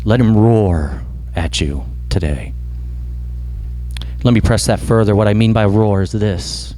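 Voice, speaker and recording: A man preaching a sermon as pastor, impassioned and dropping low for emphasis. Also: unhurried, warm tone.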